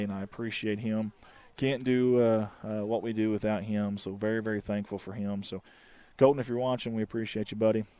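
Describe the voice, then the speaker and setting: A man calling a live high school baseball game by himself, in folksy, chatty play-by-play that jumps up on the big plays. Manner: folksy one-man commentary, excited calls. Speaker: play-by-play announcer.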